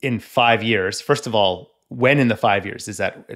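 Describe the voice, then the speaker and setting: A man's voice: on the low side, moderate pace, a bit bright. A man from Canada co-hosting a tech podcast, wry and joking, often hedging his views. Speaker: podcast co-host. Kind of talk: casual podcast chat.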